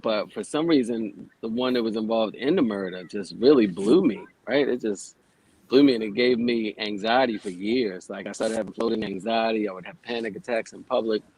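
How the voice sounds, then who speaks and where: A yoga teacher in his forties, appearing as a radio guest, tells stories in a casual, plainspoken, conversational way and swears casually. His lowish voice is a little mellow and moves at normal speed. The audio is poor, with a bit of hiss or hum.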